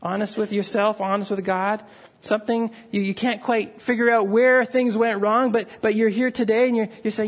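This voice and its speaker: A middle-aged man preaches to his congregation in an earnest, pleading way, his voice rising as he presses a point. The tone is breathy and slightly husky. He speaks like a pastor drawing listeners toward a personal response. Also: sits high, flat delivery, normal speed. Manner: earnest, pleading, rises when stirred. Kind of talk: sermon. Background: gathered congregation.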